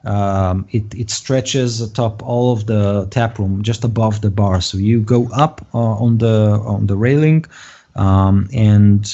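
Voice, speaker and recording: A man narrating as game master of a tabletop game, relaxed, with a husky voice and plenty of "um" and "uh", on a muffled lo-fi recording. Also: on the low side, slow pace. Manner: relaxed, with frequent "um" and "uh".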